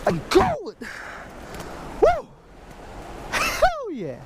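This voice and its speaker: Excitable high-voiced man fishing a creek. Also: drawn-out words, background noise. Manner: excitable, talks to himself and the fish, shouts when excited. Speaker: fishing vlogger. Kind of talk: excitable outdoor fishing vlog. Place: outdoors at a creek.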